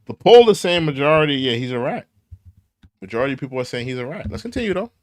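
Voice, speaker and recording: A man hosting a commentary show, giving opinions in a mocking, animated way and repeating lines for emphasis. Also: medium pitch, fast talker, no echo, clean studio sound. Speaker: host.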